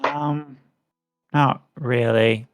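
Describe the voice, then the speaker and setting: A man's voice: medium pitch, fairly even intonation, extremely slow, clean tone, no room sound, studio quality, faint music behind. A man playing a tabletop game, laid-back with short replies and frequent laughs. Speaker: player.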